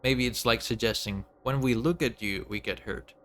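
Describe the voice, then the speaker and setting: A man's voice: mid-range voice, moderate pace, fairly bright tone, a little hiss or hum. A man streaming a game, reading its dialogue aloud and musing over it with filler words.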